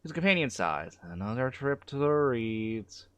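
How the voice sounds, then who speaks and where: Lively male streamer reading a game. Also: medium pitch, a little slow, smooth. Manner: lively reading of narration with asides.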